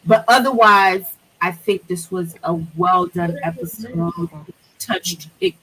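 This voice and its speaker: Bright, playful woman co-host. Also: fairly low pitch, a little slow, a little hiss or hum, rough recording. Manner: playful, teasing. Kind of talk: casual chat.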